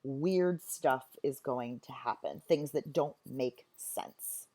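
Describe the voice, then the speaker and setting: A woman's voice: extremely low pitch, takes it slowly, dark tone. A woman teacher explaining a play in a chatty, enthusiastic way. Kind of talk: recorded literature lesson.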